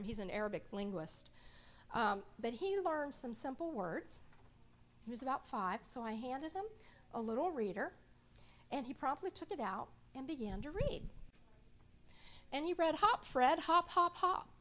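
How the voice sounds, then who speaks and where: A middle-aged woman presenting a reading workshop to a live audience. She talks in a chatty way and often checks in with her listeners. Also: a little high.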